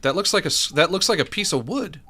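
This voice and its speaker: A man's voice: fairly high pitch, lively intonation, fast talker, sharp tone, breathy edge. A man rambling casually while playing a game, laughing often and muttering to himself. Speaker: streamer.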